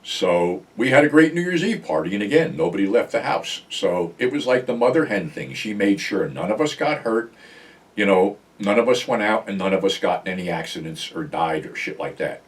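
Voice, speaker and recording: A man's voice: fairly low pitch, lively intonation, normal speed, far from the mic. A man hosting his own show, talking bluntly to his viewers in a casual, profanity-heavy monologue. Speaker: show host.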